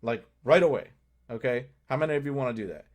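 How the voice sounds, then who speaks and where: A man hosting a live stream, greeting viewers by name and pitching to them in a hyped, direct way, with sudden drops into low asides. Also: quick pace. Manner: energetic, talks straight to viewers, greets chat by name; swings between loud hype and low asides. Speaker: livestream host.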